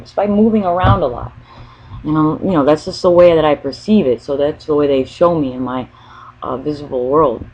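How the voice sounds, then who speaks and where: A woman's voice: deep voice, a little mellow. A woman vlogging in a casual spoken monologue, rambling as she thinks aloud and often restarting mid-sentence. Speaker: spiritual vlogger. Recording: dull lo-fi recording.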